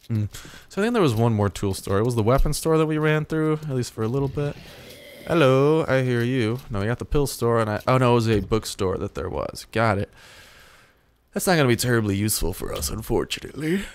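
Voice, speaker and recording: A man giving casual let's-play commentary as a gaming video host, excitable and swearing, jumping into high-pitched yelps when startled. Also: a little hiss or hum. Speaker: gaming YouTuber.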